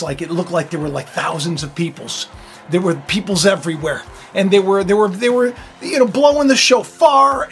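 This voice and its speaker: Rambling man hosting a spiritual vlog. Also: gravelly. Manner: rambling, many fillers and restarts, swinging between low murmurs and loud outbursts. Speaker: spiritual video host. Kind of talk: casual rambling monologue.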